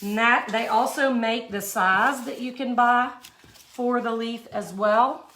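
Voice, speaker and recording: A woman's voice: a little high, fairly even intonation, takes it slowly, fairly bright tone, slight background noise. A middle-aged woman hosting a live craft tutorial, chatty and folksy, greeting viewers by name as she works. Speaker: art tutorial host.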